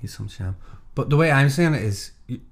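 A man's voice: medium pitch, expressive, fairly quick. A young man, chatting casually and laughing about rap rhymes. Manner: laughing, loose and swearing. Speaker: rapper. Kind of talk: casual chat.

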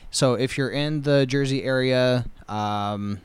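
Relaxed male podcast co-host, smooth resonant voice, dry humor. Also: mid-range voice, slow pace, no echo. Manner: laid-back, dry one-liners, laughs easily. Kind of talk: casual podcast chat.

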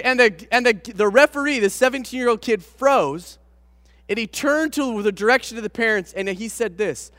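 Bright high-voiced preacher telling a story. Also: male voice, normal speed, no room sound, studio quality, long reverb tail. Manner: animated anecdote with self-deprecating humor. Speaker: pastor. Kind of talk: storytelling sermon.

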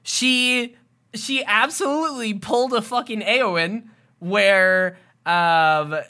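A woman co-hosting a casual podcast chat, recapping a TV episode from her notes, animated and swearing freely. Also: medium pitch, slow. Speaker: podcast co-host.

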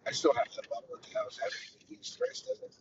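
A man's voice: extremely high pitch, very fast. A man co-hosting a casual podcast in a laid-back, teasing way, laughing often. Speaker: podcast co-host. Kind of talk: casual chat. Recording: distant lo-fi mic with clear background noise.

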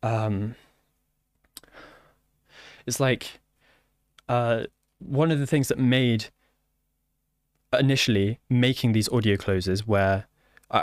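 Male software developer, low voice, dry close sound, halting casual talk full of fillers. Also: no echo. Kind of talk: casual conversation.

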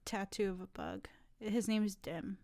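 A woman's voice: medium pitch, steady tone, moderate pace, creaky, a little mellow, no echo, clean studio sound. A woman co-hosting a casual podcast chat, playful and teasing with her co-host.

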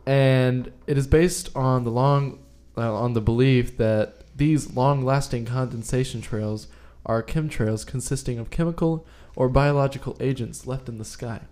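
Male podcast co-host, mellow tone, loose joking delivery. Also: mid-range voice, fairly even intonation, a little slow, few pauses. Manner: rambling, joking explanations. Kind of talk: casual podcast chat.

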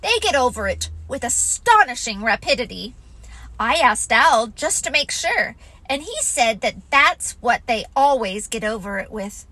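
A woman voicing a fussy, bossy rabbit who speaks with brisk, emphatic self-importance in a storybook reading. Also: on the high side, very animated, bright, forceful tone, no room sound, exaggerated voice. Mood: scheming.

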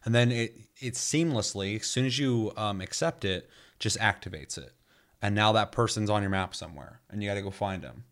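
A man with a fairly low voice, talking about a game in a loose, rambling way. He swears freely and fills his sentences with "like" and "um", in an easy, unscripted chat. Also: fairly quick, fairly bright tone.

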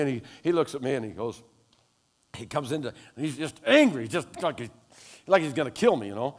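An older man preaching a sermon as pastor, telling animated stories that rise to loud exclamations. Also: mid-range voice, brisk, in a large hall.

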